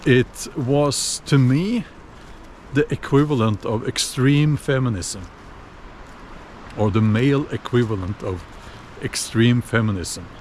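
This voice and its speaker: A man giving a casual opinion monologue while walking outdoors, unhurried and musing, with many fillers and restarts. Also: mid-range voice, a little mellow, slight background noise. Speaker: video blogger.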